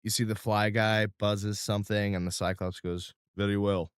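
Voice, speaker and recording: A man's voice: fairly low pitch, level tone, moderate pace, smooth, dry recording, studio quality. A man narrating as game master of a tabletop game, describing scenes casually with filler words.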